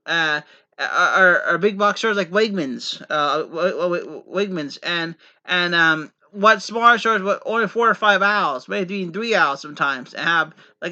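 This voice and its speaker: A man's voice: sits high, pushed and bright, dull audio. A man from the Pennsylvania coal region talking in a rambling, earnest monologue, repeating himself with many false starts. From Pennsylvania coal region, USA. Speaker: vlogger. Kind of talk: casual rambling monologue to camera.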